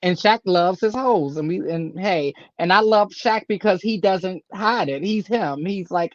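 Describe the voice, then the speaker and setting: A woman's voice: mid-range voice, moderate pace, hardly any pauses, no room sound. A woman co-hosting a podcast, joining the gossip with blunt, casual, laughing banter. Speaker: podcast co-host. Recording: dull lo-fi sound.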